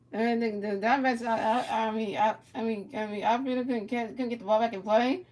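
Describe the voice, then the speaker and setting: A woman's voice: fairly high pitch, fairly even intonation, a little fast, hardly any pauses, a little mellow. A woman streamer giving casual play-by-play of a baseball video game, chatting with a viewer and stumbling over repeated words.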